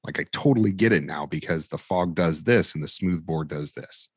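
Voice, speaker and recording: A man's voice: a bass voice, moderate pace, husky, no room sound, studio quality. A man, a fire training instructor, telling a story in a casual interview and acting out the quoted dialogue with animation.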